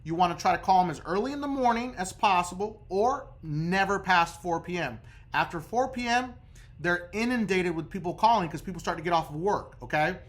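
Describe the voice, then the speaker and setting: A man's voice: high-pitched, animated, brisk, fairly bright tone. A man coaching viewers on credit repair in a casual instructional video, talking emphatically and checking in with the viewer over and over.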